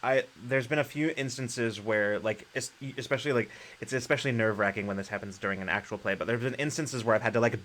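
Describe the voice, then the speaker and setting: Guy hosting a chat, middle pitch, kinda rambly, lots of "like". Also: quick pace, hardly any pauses, fairly bright tone, slight background noise. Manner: rambling, many fillers and restarts. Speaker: podcast host. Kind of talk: casual chat.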